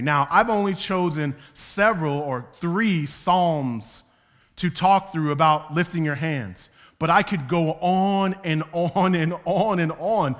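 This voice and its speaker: Man, pastor, sermon, higher voice, drops quiet then builds loud, long hall echo. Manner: swings from quiet and slow to loud and emphatic.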